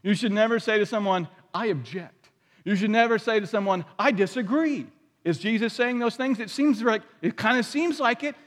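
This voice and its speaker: A man with a high voice delivers a sermon in a relaxed, conversational way. He keeps checking in with his listeners through questions. His voice carries a long reverb. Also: normal speed. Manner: conversational, asks the audience questions. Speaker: pastor.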